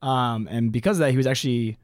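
A man's voice: mid-range voice, fast, no room sound, clean studio sound. A man co-hosting a casual podcast, joking and telling the story in a laid-back way. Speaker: podcast co-host. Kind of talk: casual chat.

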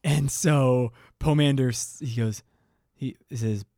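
A man co-hosting a casual podcast, talking in an animated way and slipping into silly high impressions. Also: slow, no echo, studio quality. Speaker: podcast co-host. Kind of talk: casual chat.

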